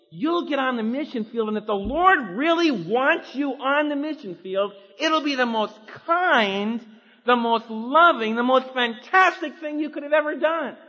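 A man preaching a sermon, emphatic, swinging between loud urging and quiet pleading. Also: very high-pitched. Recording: reverberant hall, dull lo-fi sound.

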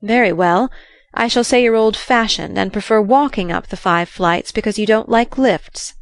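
A woman voicing an eager young man, a son asking quick, earnest, bewildered questions, read in a dry, close sound for a storybook. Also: mid-range voice, no echo, natural voice.

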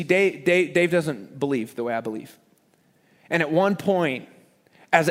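A man preaching a sermon as a pastor, with an animated, self-deprecating manner and words repeated for emphasis. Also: fairly high pitch.

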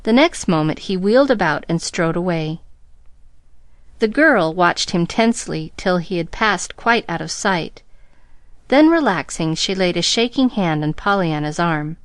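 A woman's voice: fairly low pitch, animated, a little slow, no room sound. Woman narrating a classic novel. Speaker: audiobook reader. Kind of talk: scripted narration.

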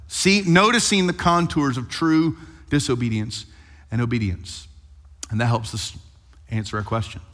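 A male pastor preaching a sermon in a lively, conversational storytelling manner, addressing his congregation directly. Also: fairly high pitch. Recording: long hall reverb.

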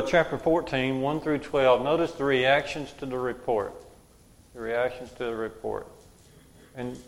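A man's voice: mid-range voice, gravelly. A man leading a group Bible study, who asks questions and repeats the answers back to the room.

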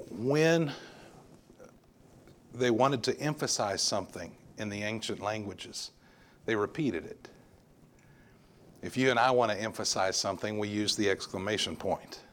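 A male pastor preaching a sermon, emphatic and repeating words for stress. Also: on the low side.

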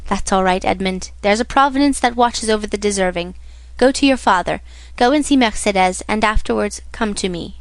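A woman's voice: mid-range voice, fairly quick, no echo, lightly acted. A woman reading the part of a fatherly, encouraging older male shipowner in a storybook. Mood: kindly.

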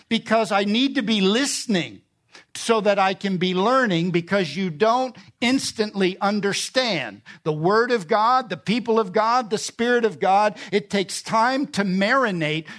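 A man's voice: high-pitched, a bit bright. A middle-aged man preaching a sermon, emphatic and repeating key phrases. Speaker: pastor.

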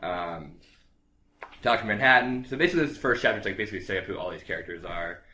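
A young man with a deep, low voice talks loosely through a story recap. He piles on fillers and restarts and drops into quick impressions of characters. Casual chat with friends. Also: animated, sharp tone, slight background noise. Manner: rambling, filler-heavy, acts out characters' lines.

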